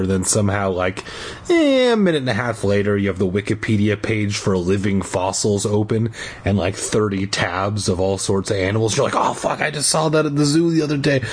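An amateur audiobook reader with a lowish, slightly rough voice reads a children's book aloud casually. He keeps breaking off for irreverent, profane, jokey asides.

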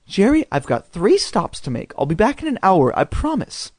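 A man reading a storybook aloud, voicing a gentle, anxious mother who speaks in a low, reassuring tone. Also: wildly swooping pitch, moderate pace, no room sound, exaggerated voice. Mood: soothing. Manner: soft, pleading, reassuring.

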